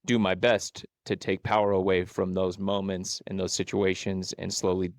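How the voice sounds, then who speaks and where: A man's voice: deep voice, normal speed, no echo, studio quality. A man hosting a podcast, speaking in a reflective, casual way and often adding "bro, you know?". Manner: reflective, flat-toned, peppers speech with "bro, you know?". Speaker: podcast host. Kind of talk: conversational interview. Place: podcast studio.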